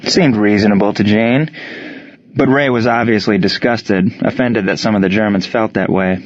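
A man narrating a story in even, steady scripted narration. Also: fairly low pitch, moderate pace, no room sound. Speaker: audiobook narrator. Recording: dry, dull lo-fi sound.

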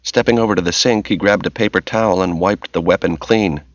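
Steady and measured, a low-voiced man reads scripted narration from a novel. The audiobook recording sounds dull and lo-fi, with a little hiss or hum.

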